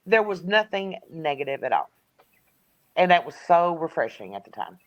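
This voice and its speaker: A woman, a guest in a casual sports chat, telling lively stories and laughing often. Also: sits low, normal speed, long pauses, lo-fi sound. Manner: chatty storyteller who laughs often.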